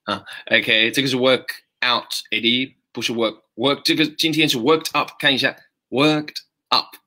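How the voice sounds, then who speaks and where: A man's voice: mid-range voice, steady tone, unhurried, pushed and bright. A man hosting a live-streamed English lesson, cheerfully greeting viewers by name and correcting their sentences. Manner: upbeat, greets and praises viewers by name, switches between English and Mandarin.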